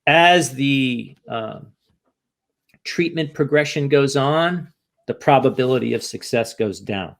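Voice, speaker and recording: Man, gravelly voice, candid, rambling restarts, emotional interview guest. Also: mid-range voice, expressive, takes it slowly. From United States.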